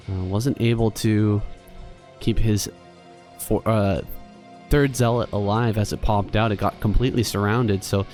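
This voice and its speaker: A man giving steady, measured play-by-play commentary on a strategy game match at a live event. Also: on the low side. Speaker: esports commentator. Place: venue at a LAN event.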